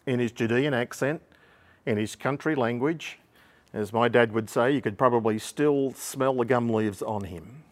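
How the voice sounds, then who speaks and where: Man, sermon, calm teaching delivery, mid-pitched voice, occasional throat clearing. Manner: explanatory, unhurried teaching with ums and throat clearing. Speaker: preacher.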